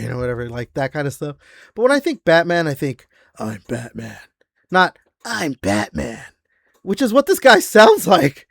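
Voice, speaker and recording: A man's voice: a little high, fairly bright tone, no room sound, clean studio sound. A man co-hosting a gaming podcast in casual chat, rambling with lots of fillers, restarts and casual swearing. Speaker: podcast co-host.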